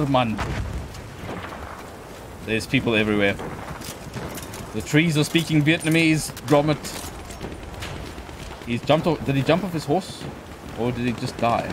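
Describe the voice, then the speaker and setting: A man's voice: medium pitch, noisy background. A man co-hosting a gaming video, bantering, teasing and swearing casually while he plays. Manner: teasing, swearing, self-mocking. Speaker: gaming channel co-host.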